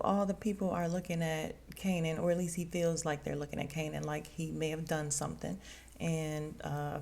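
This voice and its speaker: A woman's voice: sits low, gravelly. A woman podcast host casually recapping a TV episode, acting out the characters' lines as she goes. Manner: animated retelling, voicing characters' lines.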